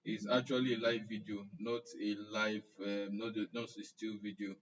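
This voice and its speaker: Over muffled, distant live-stream audio, a young Nigerian man running an online class banters with viewers, calling out commenters by name and cracking jokes. He speaks in a lowish, level voice at a moderate pace.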